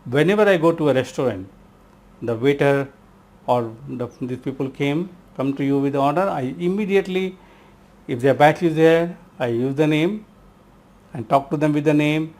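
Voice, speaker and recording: A man's voice: a little high, a little mellow. A middle-aged man from India giving a spoken self-help lesson, emphatic and repeating key words, calling the listener his friend.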